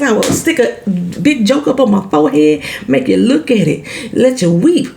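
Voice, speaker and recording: An animated woman talks through a TV episode in a loose, salty vlog. She swears freely and slips into the characters' lines as she goes. Her pitch swings widely and her voice is heavy with gravelly fry. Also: normal speed, slight background noise. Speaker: TV show recap vlogger. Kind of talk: casual show recap.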